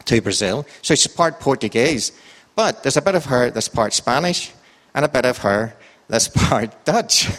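This Irish church group leader runs an informal Bible talk with a quiz, chatting and joking in a sing-song voice that goes up and down. His medium-pitched voice is a touch bright, and the recording has a big-room sound.

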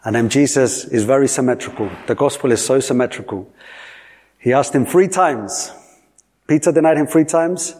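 A male preacher delivers a sermon in a husky, slightly breathy voice. He repeats key lines for weight and keeps putting questions to his listeners. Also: medium pitch, moderate pace, a little mellow. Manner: repetitive, emphatic, asks the audience questions.

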